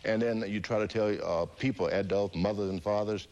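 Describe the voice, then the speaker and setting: A man, an interview guest, telling his life story with animated delivery, acting out voices and laughing often. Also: fairly low pitch, brisk, muffled recording.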